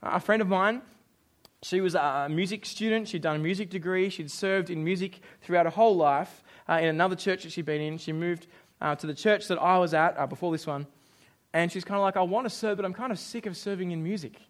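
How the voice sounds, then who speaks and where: A man's voice: sits high, a little fast. A young Australian man preaching a sermon as pastor, joking and acting out quoted voices. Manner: jokey, animated, acts out quoted voices.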